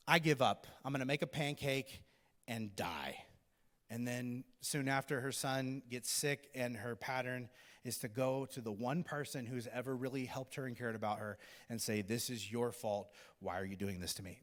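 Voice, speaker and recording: A male pastor preaching a sermon in a casual, animated, conversational way, sometimes acting out the people in the story. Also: fairly high pitch. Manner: conversational, animated, acts out characters. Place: church auditorium. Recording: long hall reverb.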